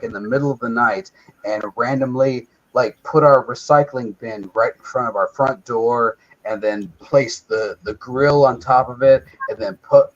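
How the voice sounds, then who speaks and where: A man telling a long, profane story in casual chat, acting out the people in it as he goes. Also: medium pitch. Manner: profane, animated retelling with acted quotes. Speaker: co-host. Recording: dull lo-fi stream audio.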